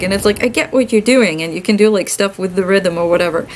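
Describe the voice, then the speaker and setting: A tired woman streamer who is a classical musician, chatting casually and venting in a rambling, animated way while playing a game. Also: mid-range voice, quick pace, hardly any pauses, slight background noise, rough recording.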